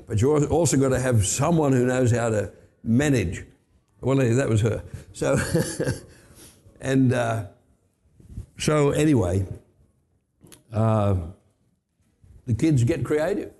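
A middle-aged Australian man preaching a sermon, telling blunt, emphatic stories and jumping up in pitch to stress a point. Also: takes it slowly, long pauses, dark tone. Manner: blunt, emphatic storytelling with sudden rises for stress. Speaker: pastor. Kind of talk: sermon with personal anecdotes.

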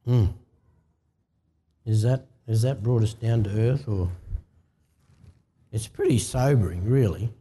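A man's voice: fairly low pitch, takes it slowly, long pauses, warm tone, slightly rough. A man with an Australian accent preaching a sermon in an informal, talkative way and asking the congregation to answer him. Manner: conversational preaching, asks the congregation to respond. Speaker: pastor.

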